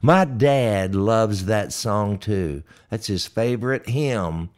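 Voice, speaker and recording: A middle-aged man with a Texan accent, hoarse, hosting a folksy, joking livestream chat between hymns and reading viewer comments aloud. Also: on the low side, expressive, takes it slowly, a little mellow. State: hoarse, dry mouth. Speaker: gospel singer and livestream host. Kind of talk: casual livestream chat with hymn singing.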